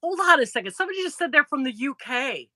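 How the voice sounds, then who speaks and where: A middle-aged woman with a northern Indiana accent hosts a crochet livestream from home. She talks in a bright, lively voice that swings up and down. She pokes fun at herself as she greets viewers, close and dry on the mic. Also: sits high, fast, dry recording. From northern Indiana, near Chicago. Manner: chatty, self-deprecating, greets viewers. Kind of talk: casual livestream chat. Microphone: laptop or phone mic.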